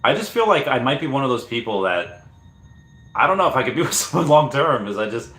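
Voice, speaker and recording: A man's voice: mid-range voice, very animated, brisk, a bit bright. A man in his thirties hosting a livestream, chatting casually and reading out viewer comments, often hesitating and restarting his sentences. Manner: hesitant, restarts often, reads chat aloud. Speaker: livestream host. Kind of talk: rambling casual livestream chat. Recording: echoey room.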